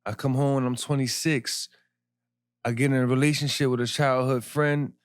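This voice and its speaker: A man, a podcast guest telling his story in animated street slang. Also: medium pitch, moderate pace, dry recording, clean studio sound. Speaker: podcast guest, clothing brand founder. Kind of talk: casual interview storytelling.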